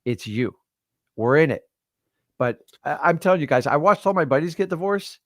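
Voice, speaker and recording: A man's voice: on the high side, animated, moderate pace, fairly bright tone, no echo, clean studio sound. A man in his fifties hosting a livestream, giving casual motivational talk and addressing listeners directly in a preachy way. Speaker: livestream host.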